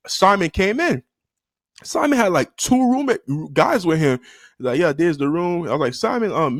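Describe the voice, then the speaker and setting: Talking to the camera, a young guy rambles through a story in slang, restarting sentences and piling on fillers. Quoted lines come out as high-pitched yelps, and the audio has no room sound.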